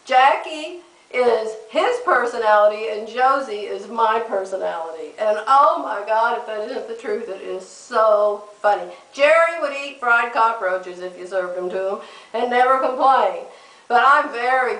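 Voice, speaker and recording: A woman's voice: on the high side, normal speed. Chatty middle-aged woman in an echoey room. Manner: chatty, laughs often, animated. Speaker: vlogger. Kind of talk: casual storytelling to camera. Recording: echoey room, mic at a distance.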